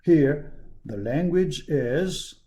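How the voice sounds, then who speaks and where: Slow halting male lecturer, filler-heavy. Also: on the high side, lively intonation, dark tone. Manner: halting, frequent "yeah" and "all right" fillers; repeats key words for emphasis. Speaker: university lecturer. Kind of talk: recorded classroom lecture.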